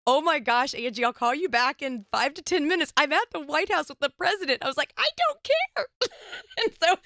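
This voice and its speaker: A woman hosting a podcast, telling a story in a lively, chatty way and squealing up high when she quotes herself. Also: fast, no echo, clean studio sound. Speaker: podcast host. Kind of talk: casual storytelling chat.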